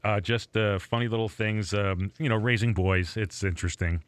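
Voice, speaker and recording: Chatty low-voiced man co-hosting. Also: fairly even intonation, normal speed, clean tone, no room sound. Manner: rambling, chuckling, self-interrupting. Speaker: radio show host. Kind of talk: casual chat. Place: Rochester, New York area.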